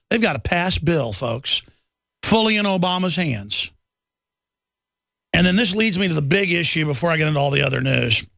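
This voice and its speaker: Gravelly, indignant male talk radio host. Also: on the high side, fairly bright tone, no room sound, clean studio sound. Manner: emphatic, indignant, sarcastic. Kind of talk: political talk radio monologue.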